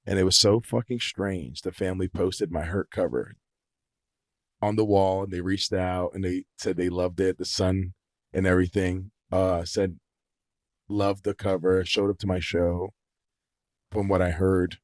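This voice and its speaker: A young man on a podcast as the guest, telling stories in an animated, casual way and swearing freely. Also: low-pitched, unhurried, no room sound, clean studio sound. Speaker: podcast guest, singer-songwriter. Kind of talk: casual storytelling chat.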